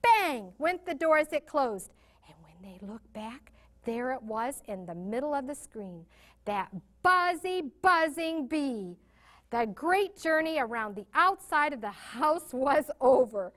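A woman reading a picture story aloud to young children, animated and full of questions to her listeners. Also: high voice, unhurried. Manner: animated, asks children questions, gasps for suspense.

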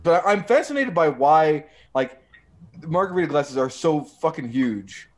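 A man on a comedy panel speaking hesitantly, with many fillers and absurd deadpan jokes. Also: fairly high pitch, unhurried. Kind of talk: improvised comedy chat.

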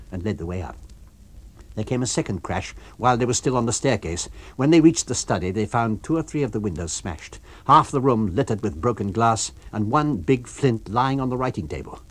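A man reads an abridged novel aloud for radio, with a low, husky voice. His pitch rises and falls lively as he tells the story. The delivery is measured and expressive. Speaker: narrator. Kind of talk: abridged audiobook reading for radio.

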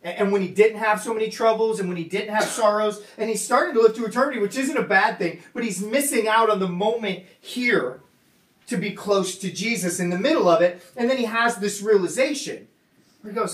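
A man's voice: high-pitched, brisk, fairly bright tone. A man preaching a casual sermon as pastor, talking in a loose, conversational way with many fillers and restarts. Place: church hall. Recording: echoey hall, voice from far off.

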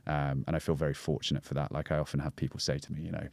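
A man with a strikingly deep, low voice talks as a podcast guest about his breathwork. He is reflective and searches for the right words as he speaks. The sound is dry and close, with no room echo. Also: flat delivery, rapid-fire, gravelly, a little mellow.

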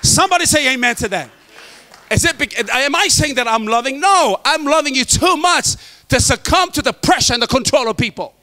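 A middle-aged pastor preaches in an unusually high voice. His tone is bright and forceful. He jokes with the congregation, then drives his points home with emphatic shouts. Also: lively intonation, fairly quick. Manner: emphatic, joking, preaching to the men. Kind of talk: sermon.

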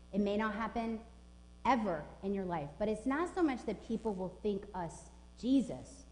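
A woman's voice: mid-range voice, darkish tone. A woman pastor in her forties preaching a sermon in an emphatic, informal way. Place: church sanctuary. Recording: echoey church with long reverb.

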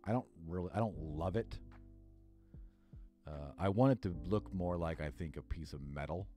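A man's voice: low voice, moderate pace, dark tone, soft background music. A man livestreaming on a headset, thinking aloud as he works and swearing freely. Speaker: streamer. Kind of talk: casual livestream chat while working.

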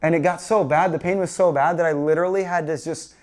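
Animated young man telling a story from the pulpit. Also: on the high side, quick pace. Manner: animated, self-mocking storyteller acting out his panic. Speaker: pastor. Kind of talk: storytelling sermon.

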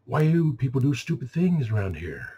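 A mid-pitched man with a husky edge to his voice rants about his shoppers. His delivery is exasperated and dripping with sarcasm, and he keeps slipping into mocking voices for the customers he complains about. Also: very animated, normal speed, warm tone, dull audio. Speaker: store clerk venting. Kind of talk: casual rant.

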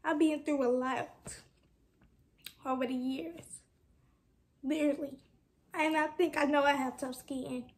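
Young woman, high voice, casual vlog, frustrated, rambling venting. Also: fairly even intonation, a little slow, pauses often, a little mellow. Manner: frustrated, candid, rambling with restarts. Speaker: vlogger.

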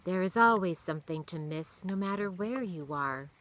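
A wistful grown woman who is new to the prairie talks in a quiet, thoughtful way, her voice a little higher than usual, as a woman reading aloud puts her on. The tone is bright and clear. It is a storybook reading. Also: expressive, normal speed, rough recording.

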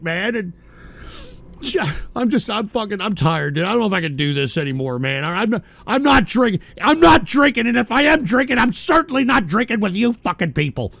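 A man hosting a radio show, ranting profanely and swinging between exasperated shouting and weary mumbling. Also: extremely high pitch, vocal fry, no room sound. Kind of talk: profane on-air rant.

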